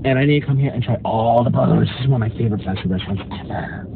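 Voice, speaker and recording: A man's voice: mid-range voice, racing, creaky, phone-quality sound, background noise. A man chatting in a campy, mock-haughty way while vlogging from his parked car, recorded on a phone. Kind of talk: casual car vlog. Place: parked car in a drive-thru line. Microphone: phone camera.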